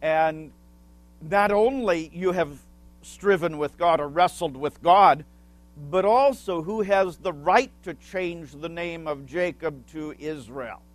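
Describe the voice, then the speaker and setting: A man preaching a sermon as pastor, explaining a word with small asides and asking the congregation questions. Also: fairly high pitch. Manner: asks the congregation questions and pauses for answers.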